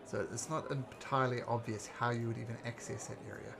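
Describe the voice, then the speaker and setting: Gravelly-voiced man running a tabletop game. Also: medium pitch, fairly quick, noisy background. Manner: relaxed, describes scenes with fillers. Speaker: game master.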